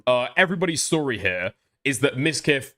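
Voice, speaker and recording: A man's voice: medium pitch, sing-song, brisk, sharp tone. A male livestream host giving crude, incredulous reaction commentary and swearing heavily.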